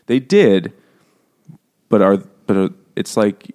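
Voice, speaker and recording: A man's voice: on the low side, very animated, slow, warm tone. A man co-hosting a podcast, rambling and joking with friends in casual, profane chat. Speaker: podcast co-host.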